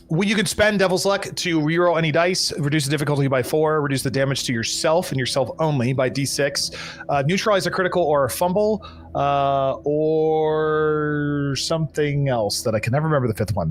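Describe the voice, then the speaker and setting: A man running a live tabletop pirate game as game master, explaining rules and narrating a storm with restarts and fillers. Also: a little high. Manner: rambling, restarts and fillers, brisk rules talk.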